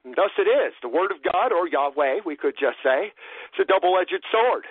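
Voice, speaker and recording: A man delivers a Bible sermon with a high, husky voice that swings widely up and down. He stresses his points by repeating them. The sound is narrow and dry, as if heard over a phone line. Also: lively intonation, moderate pace, dry recording. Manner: emphatic, repeats phrases for stress. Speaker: preacher.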